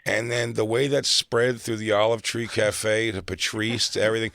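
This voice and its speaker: Storytelling man with a low, dry voice. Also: normal speed, no echo. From South Jersey, near Philadelphia. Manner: animated, acts out other people's lines. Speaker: comedian guest. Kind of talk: casual storytelling.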